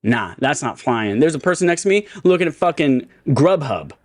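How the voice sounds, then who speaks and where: Podcast dude telling stories, swears a ton, animated, dry close mic. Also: male voice, on the high side, moderate pace, no echo. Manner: animated, profane storytelling. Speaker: podcast co-host. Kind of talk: casual chat, storytelling.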